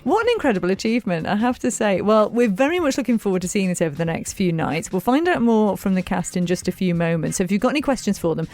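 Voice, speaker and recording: A woman presenting a radio show, chatting warmly with guests and reading out ways to get in touch. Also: medium pitch, very animated, fast, few pauses, faint music behind. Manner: chatty, encouraging, laughs often. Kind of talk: casual radio interview. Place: radio studio.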